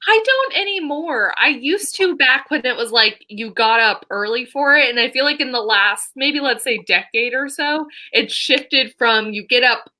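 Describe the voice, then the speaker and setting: Bright-voiced young woman guest, wry and chatty. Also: high voice, moderate pace, few pauses. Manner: chatty, wry, laughing along. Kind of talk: casual chat.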